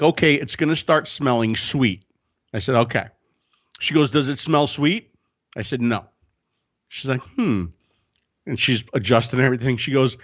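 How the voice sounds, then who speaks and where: A man telling a story in a casual podcast chat, animated and profane, acting out the people in it. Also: medium pitch, lo-fi sound. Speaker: co-host.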